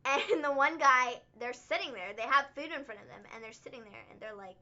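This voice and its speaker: A woman co-hosting a livestream recap, talking in an animated, excitable way and laughing often. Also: sits high, brisk, dull audio. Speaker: wrestling show co-host. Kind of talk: casual livestream recap chat.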